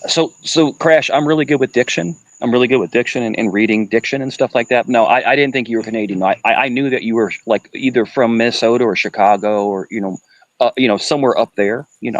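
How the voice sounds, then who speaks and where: A man's voice: mid-range voice, dry recording, rough recording. A man from Queens, New York, talking in a loose, rambling way on a live-stream chat. He repeats words and restarts often, and his voice sits in an ordinary middle range. The sound is dry and close, with no room around it. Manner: rambling, repeats himself, animated.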